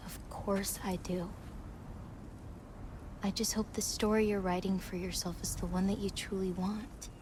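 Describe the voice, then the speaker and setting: An actress playing a gentle, teasing young giantess with a soft-spoken manner, in a video game cutscene. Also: female voice, medium pitch, little pitch movement, measured pace, long pauses, background noise, lightly acted.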